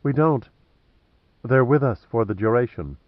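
A man's voice: mid-range voice, animated, a little slow, no room sound, lo-fi sound, lightly acted. A man reading an audiobook voices a sultry, dry-witted female government agent, cool and teasing.

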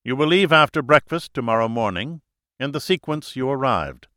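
A man's voice: medium pitch, expressive, normal speed, sharp tone, no room sound, clean studio sound, pitched above the performer's own voice. A man reading an audiobook who voices a ruthless, commanding woman at the head of a secret cabal, giving cold, imperious orders.

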